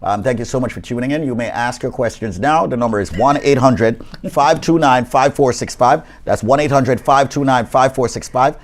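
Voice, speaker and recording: A man's voice: medium pitch, normal speed, hardly any pauses. A man co-hosting a live radio call-in show, announcing in a promotional way and answering banter with dry comebacks. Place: law office studio.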